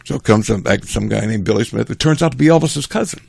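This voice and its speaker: An older man casually telling a rambling family story, animated and chuckling as he goes. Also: on the low side, fast, creaky, breathy edge, no echo.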